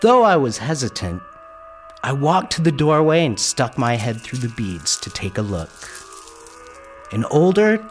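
Male storyteller, first-person, animated and wry, mid pitch. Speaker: narrator.

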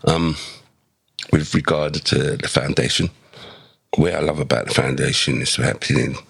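A man tells his life story as a podcast guest, acting out the quoted lines in his anecdotes. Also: moderate pace. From England. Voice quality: deep gravelly voice. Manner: animated, acts out dialogue with quoted voices. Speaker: podcast guest, former footballer. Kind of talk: conversational storytelling.

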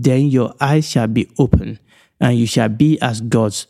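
A man's voice: medium pitch, moderate pace, gravelly, warm tone. A middle-aged man from Nigeria hosting a Bible teaching podcast, stressing his points and counting them off one by one.

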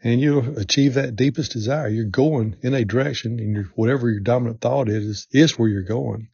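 Middle-aged male podcast host, mellow dark tone, earnest repetitive coaching, muffled lo-fi sound. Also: mid-range voice, normal speed, creaky, husky, no echo. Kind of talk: motivational podcast talk. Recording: dull lo-fi sound.

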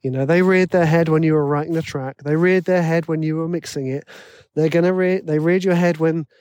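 A man's voice: on the high side, steady tone, a little fast, darkish tone, dry recording, clean studio sound. A man talking casually and giving advice about writing music, chatty and self-deprecating. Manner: chatty, self-deprecating, acts out worried inner voices. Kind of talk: casual solo monologue.

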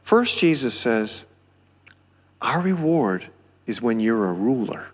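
A pastor with a Southern country accent preaching a sermon, building to near-shouts on key phrases. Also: male voice, mid-range voice, very animated, takes it slowly, husky. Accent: American Southern. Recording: long hall reverb.

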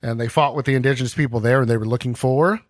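A man's voice: mid-range voice, steady tone, rapid-fire, no room sound. A man hosting a podcast, explaining history casually, ranting and acting out scenes in comic voices. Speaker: podcast host.

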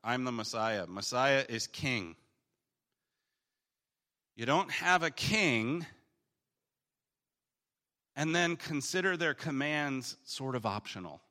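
A man teaching through a Bible passage in a casual, conversational way, paraphrasing the text in slangy voices and swinging between emphatic bursts and quiet reading. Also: mid-range voice. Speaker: preacher teaching on the Gospel of Luke.

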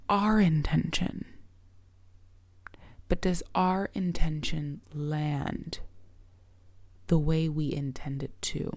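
A middle-aged woman with a low, gravelly voice hosts her own podcast as a coach. She speaks slowly and earnestly, often sinking into a soft, breathy near-whisper, and her tone is dark and mellow. The sound is dry and close. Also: dry recording. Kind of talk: reflective solo podcast talk.

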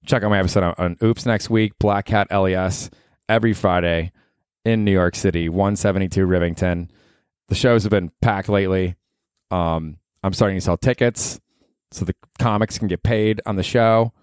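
A man from the Tampa area of Florida rambles through a casual comedy podcast monologue, swearing freely. His lowish voice is clear and resonant with fairly even intonation at a moderate pace, recorded close and dry with no room sound.

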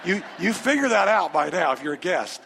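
High-voiced preacher in a reverberant church. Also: male voice, fairly quick, gravelly. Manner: animated storytelling, rising to emphatic altar call. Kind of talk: sermon with a personal story. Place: large church sanctuary. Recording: reverberant sanctuary with faint music.

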